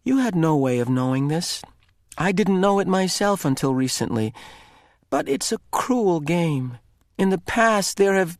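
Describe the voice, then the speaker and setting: A man's voice: high-pitched, very animated, measured pace, no echo, studio quality, voice pushed up, exaggerated voice. A man playing an earnest, weary boy. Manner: careful, kind.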